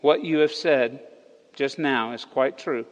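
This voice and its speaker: Animated male pastor in a reverberant hall. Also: mid-range voice, takes it slowly, highs cut off. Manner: animated storytelling, rising emphatic on key words. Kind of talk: sermon. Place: church hall.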